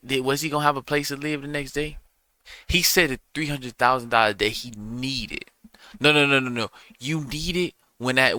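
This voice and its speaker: Male reaction host, blunt and profane, bright forceful voice, dry close mic. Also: medium pitch, no room sound. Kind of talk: reaction commentary.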